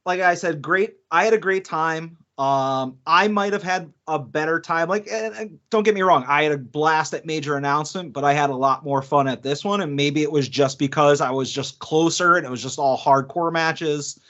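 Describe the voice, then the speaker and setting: A man's voice: a little high, normal speed, hardly any pauses. A man co-hosting a podcast, telling stories casually, acting out quotes and laughing often. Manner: animated storyteller, acts out quotes, laughs often. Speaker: podcast co-host. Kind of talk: casual chat. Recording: dull lo-fi podcast audio.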